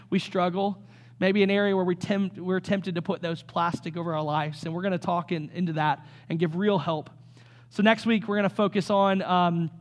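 A middle-aged male pastor preaching in a high, light voice. He talks to the congregation conversationally, stumbling into restarts and friendly asides. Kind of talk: sermon.

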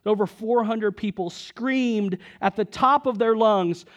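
A young man preaching a sermon, telling a personal story and building to loud, emphatic moments. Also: high voice, unhurried. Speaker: pastor.

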